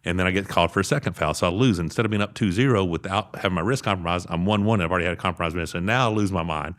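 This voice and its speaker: A man, telling animated stories as a podcast guest. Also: sits low, no echo. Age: 40s. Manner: fast animated storytelling. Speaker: podcast guest, arm wrestler. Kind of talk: casual interview storytelling.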